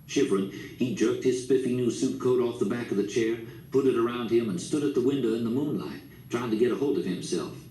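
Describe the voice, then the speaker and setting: A man's voice: medium pitch, brisk, hardly any pauses, mellow. A man reading an audiobook, telling the story plainly. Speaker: audiobook narrator. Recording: echoey room, distant mic, faint hiss.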